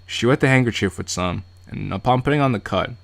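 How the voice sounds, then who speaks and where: A man's voice: medium pitch, fast talker, vocal fry. A man streaming a game, reading its narration aloud and breaking off for joking asides. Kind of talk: casual live-stream read-through.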